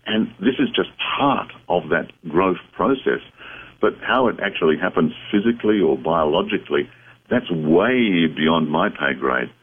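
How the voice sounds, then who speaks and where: A very low-pitched man with a husky voice answers callers on a late-night radio show. He explains things in an unhurried, reflective way. The sound comes through a thin, phone-like radio band. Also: lively intonation. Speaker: radio show guest, psychic medium. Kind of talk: call-in radio conversation.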